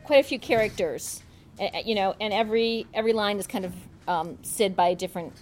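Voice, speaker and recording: A woman's voice: mid-range voice, brisk, darkish tone. A woman giving a casual, chatty book talk, hesitant, with many fillers and restarts. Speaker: book club presenter. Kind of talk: casual book talk with read-aloud passage.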